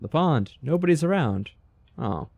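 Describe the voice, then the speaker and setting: A man's voice: a little high, big pitch swings, measured pace, creaky, a little mellow, husky, no echo, dull audio. A man hosting a game stream, chatting casually and reacting playfully aloud. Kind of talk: casual let's-play chat.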